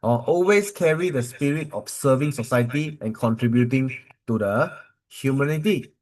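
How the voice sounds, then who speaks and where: A man's voice: mid-range voice, normal speed, a little mellow, rough recording. A man with a Malaysian English accent, a corporate trainer telling motivational stories and quizzing his audience, with many fillers.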